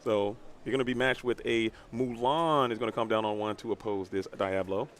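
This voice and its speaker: A man commentating a card game tournament live, joking and quick-fire with his co-hosts. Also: fairly low pitch, fairly even intonation.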